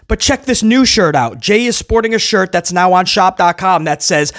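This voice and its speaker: A man reviewing a wrestling show in casual, sarcastic commentary. His pitch swings widely as he mocks and chuckles at his own jokes. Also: expressive, moderate pace, hardly any pauses, fairly bright tone. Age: adult who was a kid in the late 1990s.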